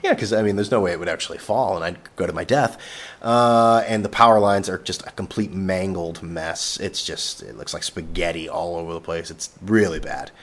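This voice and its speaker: Sarcastic, rambling man with a low voice. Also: normal speed. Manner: rambling, sarcastic, profane, jokingly addressing an absent co-host. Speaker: podcast host. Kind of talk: casual solo podcast rant. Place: vacation rental with no internet.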